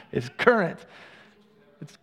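A man preaching as a pastor in a relaxed, conversational way, telling personal stories with asides and self-corrections. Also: in a large hall. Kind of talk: sermon. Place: church sanctuary.

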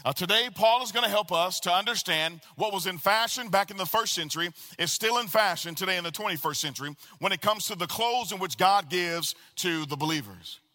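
High, bright-voiced preacher man in a reverberant hall. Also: a little fast, few pauses. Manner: animated preaching with call and response to the congregation. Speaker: pastor. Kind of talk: sermon. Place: church sanctuary. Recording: long reverb of a large hall.

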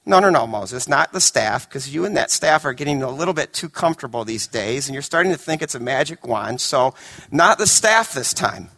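A man voicing God as a patient, dryly teasing male deity, speaking low and hushed in a sermon. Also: animated, normal speed. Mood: wry.

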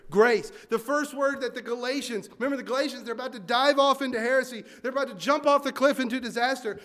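A man preaching a sermon, swinging from loud emphatic points to quiet asides and acting out listeners' complaints in mock voices. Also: very high-pitched. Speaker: pastor.

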